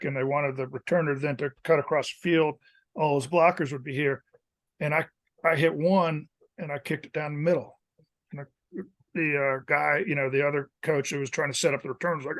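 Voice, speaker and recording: A man in his fifties, a former college kicker, telling casual stories as a podcast guest and acting out the coaches he quotes. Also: fairly high pitch. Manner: animated storyteller who acts out quoted coaches. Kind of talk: casual storytelling interview.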